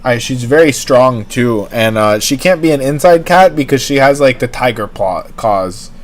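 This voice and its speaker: A man's voice: medium pitch, animated, normal speed. A man hosting a livestream, chatting in a rambling, casual way full of "like" and "you know". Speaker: livestream host.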